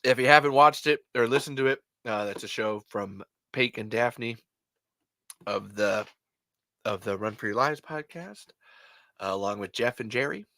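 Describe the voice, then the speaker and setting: Bright-voiced rambling male podcast host. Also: medium pitch, moderate pace, dry recording. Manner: rambling, excitable storytelling with stammered restarts and swearing. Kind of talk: casual live-stream podcast chat.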